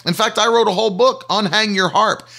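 An emphatic male preacher with a high, bright voice delivers a sermon. He hammers his points by repeating them, pushing the tempo up and slowing down to stress a line.

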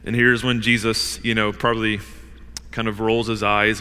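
A man's voice: fairly low pitch, level tone, normal speed, pushed and bright, clear, resonant tone, long reverb tail. A man preaching a sermon in an emphatic, conversational way, often saying "like" and "you know".

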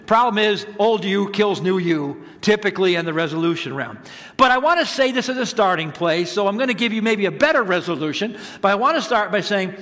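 A man preaching a sermon, telling a self-mocking personal story with drawn-out emphasis. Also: high-pitched, fairly bright tone. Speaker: pastor. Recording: long hall reverb.

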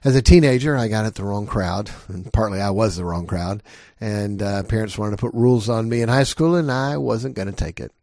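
Earnest middle-aged male pastor, low voice. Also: fairly quick, creaky, darkish tone, no echo, clean studio sound. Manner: earnest, emphatic preaching with repeated rhetorical questions. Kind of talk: sermon.

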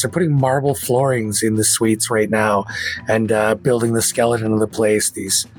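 A man runs a tabletop game, setting scenes in a relaxed, rambling way with plenty of fillers. His voice sits mid-range for a man. Soft music plays beneath him. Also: medium pitch. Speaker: game master.

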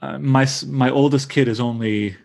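A man's voice: medium pitch, steady tone, normal speed, creaky, a little mellow. A man in his thirties leading a casual literary discussion, enthusiastic and stumbling over restarts. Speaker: discussion leader.

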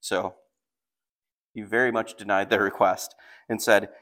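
Low-voiced man preaching a sermon. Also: flat delivery, a little slow, pauses often, sharp tone. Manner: reads scripture aloud with raised intensity between plain explanation. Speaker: pastor.

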